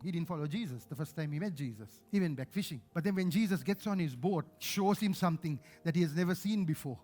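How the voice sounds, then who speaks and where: A man with a Sri Lankan accent preaching a sermon as pastor, passionate, swinging between loud emphasis and hushed asides. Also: a little high, expressive, fast, faint music behind.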